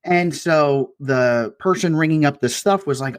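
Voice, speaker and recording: A man's voice: a little high, moderate pace, few pauses, no room sound, clean studio sound. A man co-hosting a casual comedy podcast, telling stories as rants and swearing freely. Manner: ranting storyteller, swears freely. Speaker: podcast co-host.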